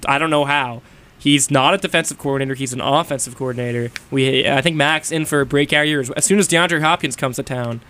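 A young man hosting a college radio sports chat, animated and quick to jump in. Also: mid-range voice, smooth. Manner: animated, talks over others, quick bursts. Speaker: radio host.

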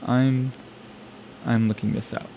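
A man's voice: medium pitch, level tone, takes it slowly, gravelly, mellow, slight background noise. A young man from South Carolina hosting a music show, chatting in a rambling, enthusiastic way about songs he just played. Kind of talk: casual music radio chat.

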